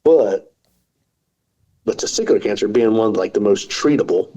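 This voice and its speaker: This man in his forties is a podcast guest with a fairly low, expressive, dark-toned voice at a moderate pace, captured on a low-quality recording. He chats casually in interview style, telling joking, self-deprecating stories.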